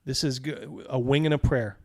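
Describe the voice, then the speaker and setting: A man's voice: mid-range voice, steady tone, a little fast, a little mellow, no room sound, studio quality, natural voice. Man voicing a weary motherly innkeeper woman. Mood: earnest worried. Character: weary middle-aged female innkeeper.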